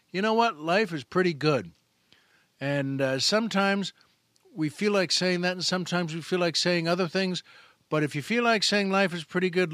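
A man hosting a podcast in a playful comic monologue, joking and correcting himself, then reading poetry slowly and dramatically. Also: fairly high pitch, fairly bright tone, no room sound. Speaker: podcast host.

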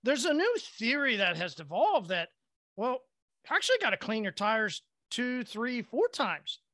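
Lively, bright-voiced male host from Oklahoma. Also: very high voice, measured pace, dry recording, studio quality. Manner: animated, excitable storyteller. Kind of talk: casual storytelling chat.

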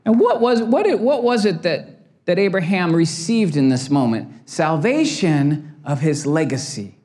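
Lively pastor preaching. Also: male voice, high voice, measured pace. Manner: impassioned, storytelling with humor. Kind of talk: sermon.

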